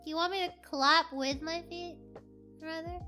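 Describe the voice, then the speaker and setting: Giggly playful streamer, casual live chat, very bright tone, slow easy delivery. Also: very high-pitched, steady tone, faint music behind. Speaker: VTuber streamer.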